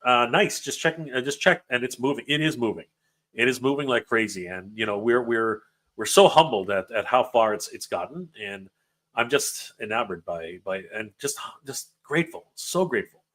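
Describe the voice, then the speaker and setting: A man's voice: medium pitch, normal speed, fairly bright tone. A man hosting a livestream, reading viewer comments aloud, emotional and stammering over his words. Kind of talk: casual livestream chat.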